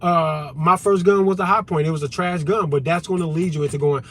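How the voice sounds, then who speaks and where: Livestream host, male, slightly high voice, blunt and profane, faint hiss behind. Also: steady tone, fairly quick. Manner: profane, blunt, repetitive, addresses chat directly. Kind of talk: unscripted livestream rant.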